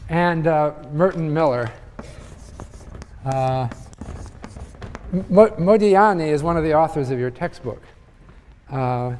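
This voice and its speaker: A man's voice: a little high, a little mellow, slight background noise. An older man giving a university lecture in a conversational way, thinking aloud with frequent fillers and restarts. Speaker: economics professor. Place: large lecture hall. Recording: lecture hall with long reverb.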